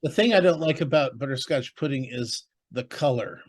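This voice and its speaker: Brief: male co-host, mid-pitch, deadpan teasing quips, casual banter. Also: a little fast. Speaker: podcast co-host. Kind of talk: casual chat.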